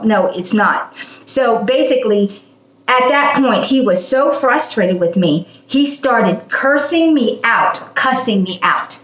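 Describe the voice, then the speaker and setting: A woman's voice: on the high side, lively intonation, slow, fairly bright tone, roomy sound, rough recording. A woman hosting her own channel, talking in a casual spoken monologue, chatty and often breaking into laughs. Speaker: channel host.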